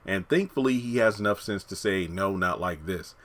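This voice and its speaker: A man reviewing a TV episode in a casual, blunt and animated way, retelling the scenes as he goes. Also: low-pitched, moderate pace. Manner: animated, acts out characters' lines while retelling; blunt and opinionated.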